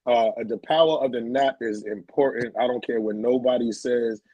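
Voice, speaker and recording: A man's voice: mid-range voice, normal speed, dry recording, dull audio. A man co-hosting a podcast, telling stories in loose, slangy casual chat. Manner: animated storytelling, loose slangy talk. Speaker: podcast co-host.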